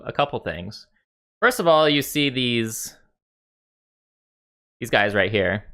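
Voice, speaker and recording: Game master, male, bright tone, loose filler-heavy narration. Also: mid-range voice, animated, slow, long pauses, smooth. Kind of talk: narrating a tabletop game over voice chat.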